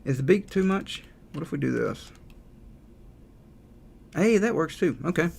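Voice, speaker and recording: A man with a drawl chats casually through a livestream, thinking out loud as he works. His voice has a gravelly, slightly husky edge. Keyboard typing is faintly heard behind him. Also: on the high side, measured pace. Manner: relaxed, thinking aloud, reads out chat messages. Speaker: game developer streaming live. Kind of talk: casual livestream chat while drawing.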